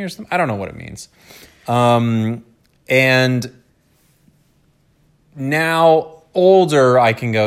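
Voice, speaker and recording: Man, thirties, podcast co-host, casual chat, joking, self-aware, playful voices, medium pitch. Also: lively intonation, a little slow, long pauses, clean tone. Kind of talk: casual chat, reading a listener letter.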